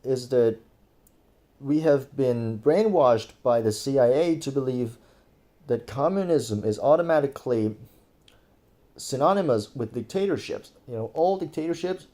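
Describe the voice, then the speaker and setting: A man's voice: medium pitch, expressive, a little slow, warm tone. A man from Thailand giving casual, profane, exasperated commentary full of fillers and restarts. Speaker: political commentator. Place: indoors over screen recording.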